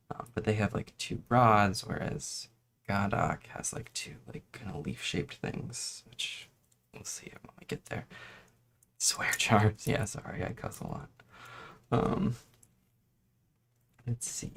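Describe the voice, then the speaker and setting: Male streamer, gravelly and soft-spoken, chewing gum, giggly casual chat while building. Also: fairly low pitch, slight background noise. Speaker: host.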